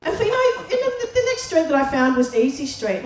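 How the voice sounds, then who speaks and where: A woman's voice: very high-pitched, sing-song, a little fast, few pauses, a little hiss or hum. An Australian woman comic doing a brash, profane stand-up routine full of ranting rhetorical questions. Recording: echoey live club recording.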